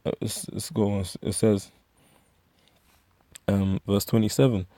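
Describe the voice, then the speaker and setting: A man's voice: lowish voice, level tone, a little slow, warm tone, no echo. A man with a London accent teaching from the Bible, reading verses aloud and then retelling them in street slang with many restarts. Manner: frequent fillers and restarts. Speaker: street preacher.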